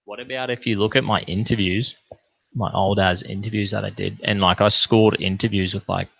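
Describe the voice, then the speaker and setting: A man's voice: on the low side, steady tone, normal speed, creaky, a bit bright, dry recording. A young Australian man in a casual late-night livestream, rambling, laid-back and full of swearing. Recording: dull lo-fi stream audio.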